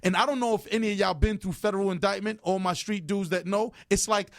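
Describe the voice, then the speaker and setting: A man's voice: sits high, steady tone, fast, no echo. A man talking as an interview guest in a radio studio, emphatic and full of stories, repeating phrases for emphasis. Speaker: interview guest, record executive. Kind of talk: animated radio interview talk. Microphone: studio microphone.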